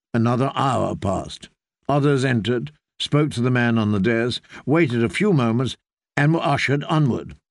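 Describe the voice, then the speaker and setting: Slow, measured male audiobook narrator. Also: mid-range voice, no echo, clean studio sound. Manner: measured, steady storytelling.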